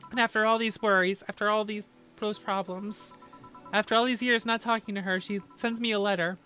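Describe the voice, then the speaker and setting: A woman's voice: medium pitch, a bit bright, natural voice. A woman voicing a weary, sardonic young woman bartender who speaks bluntly and swears when upset. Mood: exasperated.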